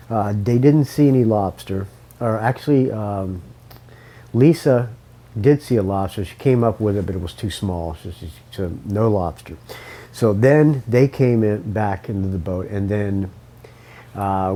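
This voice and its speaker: Low dark-voiced guy rambling thru a story, swears a lot, coughs now and then. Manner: rambling, swearing, self-correcting. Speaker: podcast host. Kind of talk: casual storytelling monologue.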